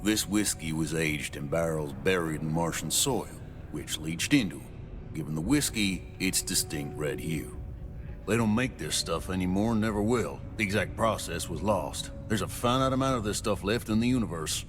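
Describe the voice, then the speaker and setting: A gruff veteran bartender who is blunt and scoffing toward customers. His voice sits very low, and clear music plays under his lines in the game. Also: lively intonation, moderate pace. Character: gruff veteran bartender, dismissive, middle-aged. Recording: game audio with music behind.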